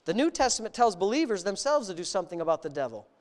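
Preacher, sermon, reading aloud with comments, earnest, emphatic, smooth resonant voice. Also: medium pitch, sing-song, fast talker, darkish tone. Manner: earnest, emphatic, asks the congregation questions.

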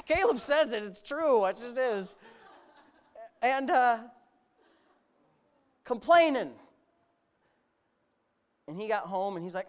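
A middle-aged man preaching a sermon, animated and sarcastic, rising to near-shouts. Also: high voice, unhurried, long pauses. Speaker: pastor.

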